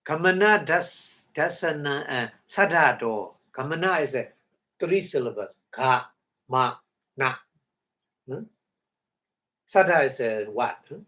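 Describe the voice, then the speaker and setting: Slow-speaking man explaining Pali terms. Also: fairly high pitch, lively intonation, bright, forceful tone. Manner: halting non-native English, chuckles often, checks understanding. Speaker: meditation teacher. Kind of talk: Dhamma talk explaining Pali words.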